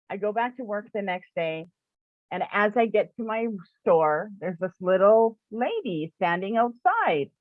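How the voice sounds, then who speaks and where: In a mid-range voice without echo, a woman from around New Brunswick, Canada, who owns a spiritual shop and teaches, chats through a personal story packed with "like" fillers and frequent laughter. The sound is dry and phone-like.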